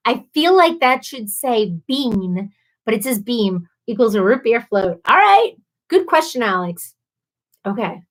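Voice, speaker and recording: A woman's voice: on the high side, animated, unhurried. A woman hosting a casual live stream, laughing a lot and a little tipsy from wine as she reads out viewer comments. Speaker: livestream host.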